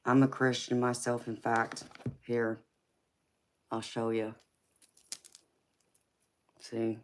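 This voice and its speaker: Her voice is very deep, moving little in pitch, and she takes her time, with slight background noise behind her. A California native raised in Georgia, this tarot reader hosts a relaxed live stream in a thick Southern drawl, lovingly calling viewers honey, babe and sweetheart.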